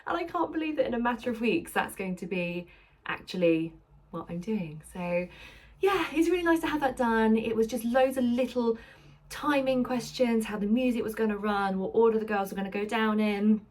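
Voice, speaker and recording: A woman's voice: fairly high pitch, normal speed, darkish tone. A young woman chatting casually to camera at home in an upbeat way, with many fillers. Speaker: vlogger. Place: home, indoors. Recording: camera mic from a distance, faint ambient noise.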